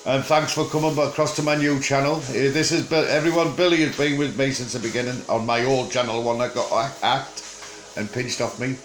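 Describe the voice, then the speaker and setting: An older man with a broad Teesside accent, rambling jokily in casual chat to camera and pausing often on fillers. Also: mid-range voice, steady tone, reverberant, poor audio. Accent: Teesside English. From England. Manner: rambling, jokey and chatty, with frequent filler pauses. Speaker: vlogger.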